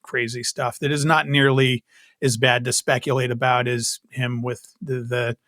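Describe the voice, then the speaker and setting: A male podcast co-host talks in long, rambling, emphatic runs. His voice is bright and forceful, recorded dry and close with no room sound. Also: medium pitch, little pitch movement, normal speed, no room sound. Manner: rambling, emphatic political talk. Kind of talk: casual chat.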